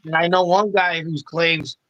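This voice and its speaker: A man holds forth in casual podcast talk. His voice sits slightly higher than most men's. He rambles and curses in a rough street style. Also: fairly even intonation, a little slow, lo-fi sound, crowd noise. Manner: profane, rambling street talk with mocking impressions. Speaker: guest.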